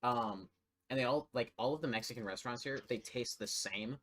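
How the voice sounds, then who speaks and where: A man's voice: mid-range voice, a little fast, a bit bright. A man co-hosting a casual podcast chat, hesitant and stammering as he talks. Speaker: podcast co-host.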